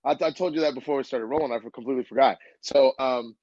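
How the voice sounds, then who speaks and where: A man's voice: medium pitch, fast talker, no room sound. A man in his early thirties, a comedian guesting on a casual podcast, telling stories with lots of energy, swearing and laughter. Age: 30s. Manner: animated storytelling, swearing, frequent laughter. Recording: dull, muffled remote audio.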